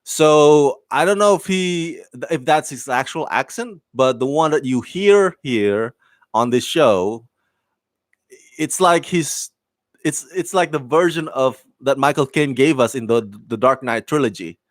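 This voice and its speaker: Man, casual review, mid pitch, rambling, lots of ums and restarts, upbeat, dry close sound. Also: expressive, unhurried, dry recording. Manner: rambling with many fillers and restarts; enthusiastic, laughs often.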